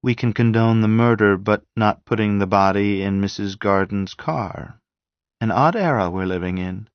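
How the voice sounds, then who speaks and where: A man's voice: lowish voice, moderate pace, no room sound, voice pushed up, lightly acted. A cool, sardonic woman, voiced by a male narrator in an audiobook; dry, dull recording.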